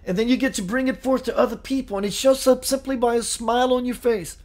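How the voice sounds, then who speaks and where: Answering comments from his viewers, a man leads a live spiritual broadcast with a soft, sincere and contemplative delivery. His voice is extremely high-pitched, steady in tone, and quick.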